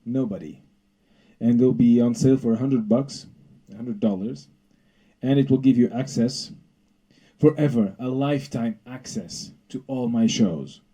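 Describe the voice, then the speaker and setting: A man doing a rambling, deadpan stand-up comedy bit. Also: medium pitch, measured pace, husky, low-quality recording.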